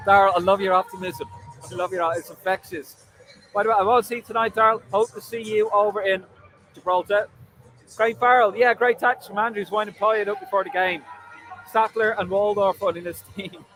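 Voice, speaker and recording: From a stadium, an Irish man runs a live football fan stream, reading viewers' comments aloud and trading jokes with plenty of fillers. His voice sits high, steady and a bit bright, a little fast. The audio is poor, with faint music behind him.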